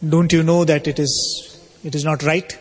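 A man's voice: fairly high pitch, little pitch movement, moderate pace, breathy edge, faint music behind. A man voicing a proud, short-tempered young male monk who scolds indignantly. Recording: long hall reverb.

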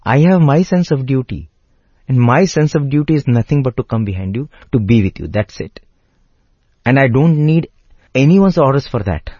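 A man's voice: mid-range voice, lively intonation, moderate pace, breathy edge, dry recording, pitched above the performer's own voice. A man voicing a humble, fervently loyal younger brother who pleads emphatically in a raised voice. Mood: defiant. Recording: dull lo-fi recording.

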